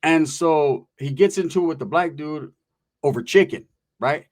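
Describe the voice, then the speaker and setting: A man from California telling a story in casual chat, with rapid, profane, animated street slang. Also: on the high side.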